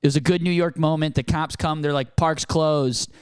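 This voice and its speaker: A man's voice: a little high, normal speed, clear, resonant tone, dry recording. A young man on a comedy podcast, telling a story with lots of acted-out quotes in a casual chat. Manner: animated storytelling, acts out cops and himself in quoted voices.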